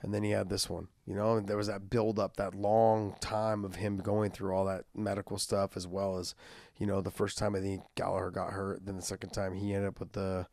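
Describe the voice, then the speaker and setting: A man co-hosts a casual fight podcast in a fairly low voice. He rambles, restarts his sentences and leans on "I mean". The sound is dry and close to the mic. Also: level tone, fairly quick, vocal fry, a little mellow, no room sound. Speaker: podcast co-host and fight commentator. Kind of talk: casual MMA chat.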